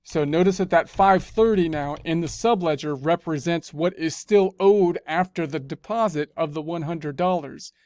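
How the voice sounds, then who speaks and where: A man's voice: a little high, normal speed, hardly any pauses, a little mellow, dry recording, clean studio sound. A man teaching accounting in a screencast, talking through each spreadsheet step and often repeating his phrases. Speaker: accounting instructor. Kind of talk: screencast tutorial narration.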